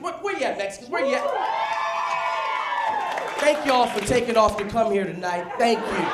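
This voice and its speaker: A man from the United States performing a stand-up comedy set on a club stage with punchy, animated delivery. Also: extremely high pitch. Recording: live club set with audience laughter. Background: crowd laughter and room noise.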